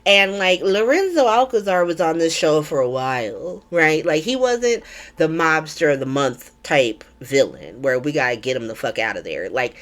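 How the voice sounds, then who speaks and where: Chatty, irreverent woman with a lively voice. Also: deep voice, normal speed. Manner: chatty and irreverent, swears freely, many ums. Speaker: soap opera recap vlogger. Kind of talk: casual recap chat.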